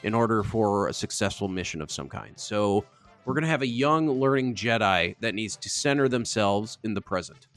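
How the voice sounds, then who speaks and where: A man co-hosting a podcast in casual chat, gushing excitedly and swearing freely. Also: on the low side, moderate pace, faint music behind. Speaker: podcast co-host.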